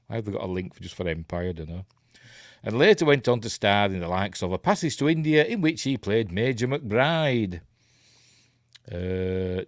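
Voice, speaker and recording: A man's voice: on the low side, dry recording, studio quality. A tired man with a Yorkshire accent hosts a casual live news stream, rambling, breaking off mid-sentence and laughing often.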